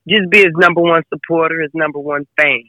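A woman with a deep voice speaks quickly and fairly evenly, and the recording sounds muffled. She's a guest on an interview, the mother of a football player, chatting casually about her son. She's emphatic and keeps repeating herself.

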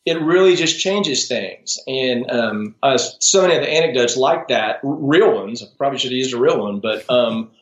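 A man's voice: mid-range voice, animated, normal speed, hardly any pauses. A man, a strengths coach, is a guest on a podcast interview. He talks in a thoughtful, casual way, often restarting and adding asides. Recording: roomy, dull lo-fi sound.

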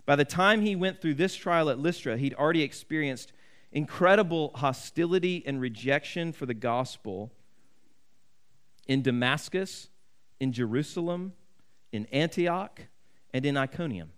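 A man preaching a sermon in a somewhat high voice. He talks in an earnest, conversational way and often restarts his sentences. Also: lively intonation, normal speed, a bit bright, clean tone. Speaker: pastor.

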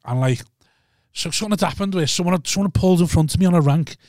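A man telling a swearing, animated story in casual chat. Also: on the high side, very fast, no echo, studio quality. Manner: animated, laughs often, acts out other people. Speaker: comedian and former taxi driver.

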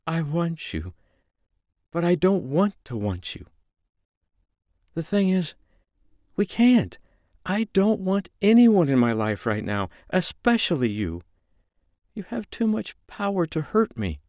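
Male reader doing a reluctant young woman, pained and guarded, pitched up. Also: very animated, slow pace, long pauses, a little mellow, no room sound, studio quality, heavily acted.

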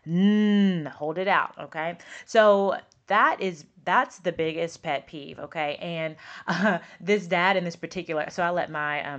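A woman talks on her podcast in an easy, chatty way, and her voice sits slightly low. She leans on emphasis and repeats words to drive home her teaching points. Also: fairly bright tone, dull audio. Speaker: podcast host, speech pathologist and teacher. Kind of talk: casual podcast talk.

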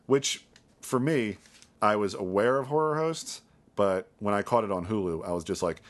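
Man, podcast co-host, low voice, casual enthusiastic chat. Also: normal speed.

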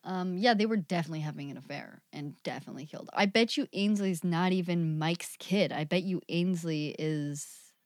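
A woman's voice: lowish voice, moderate pace, a little mellow, no room sound. Woman, podcast co-host, casual chat, playful, dry close sound.

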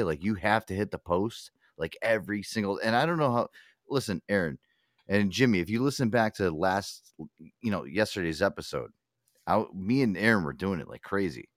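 A man's voice: on the low side, dry recording, clean studio sound. A man hosting a casual live talk show, joking, swearing and slipping into a mock radio DJ patter. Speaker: host.

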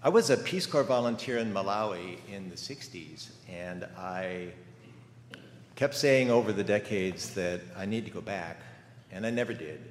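Older male guest preacher, low voice, chatty storyteller, roomy church sound with faint background hum. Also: lively intonation, moderate pace. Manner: storytelling, conversational with rhetorical questions. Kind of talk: sermon. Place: church sanctuary. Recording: echoey church hall with faint ambience.

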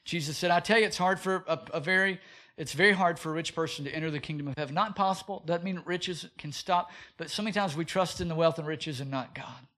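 High-voiced man preaching a sermon. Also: fast. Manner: animated preaching with rhetorical questions and acted quotes. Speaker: pastor.

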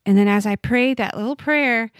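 With a clean tone that sits a little high, a woman in her forties speaks at a moderate pace as a podcast guest. Her personal story comes out earnestly and from the heart, often interrupted by halts and fresh starts. The recording is dry with clean studio sound.

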